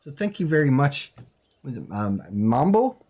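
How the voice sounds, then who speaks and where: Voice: medium pitch, very animated, moderate pace, a little mellow. A talk show host bantering with callers in a mock-serious, exasperated, teasing way. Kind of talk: comedic call-in show banter.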